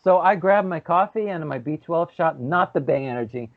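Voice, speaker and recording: Man, slightly high voice, animated storyteller, casual podcast chat, tinny phone-like sound. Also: normal speed. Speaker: podcast co-host.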